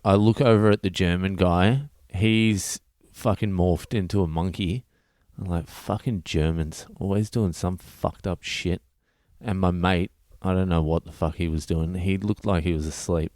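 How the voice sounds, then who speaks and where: Deep-voiced sweary Australian man. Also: steady tone, normal speed, a little mellow, dry recording. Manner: sweary, blunt, rambling storytelling. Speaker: comedian podcast host. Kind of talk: casual storytelling monologue.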